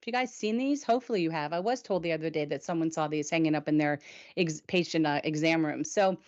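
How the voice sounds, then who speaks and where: A woman's voice: low-pitched, quick pace, a little mellow, muffled recording. A woman hosting a weekly review show, chatting casually and animatedly with her co-host and viewers.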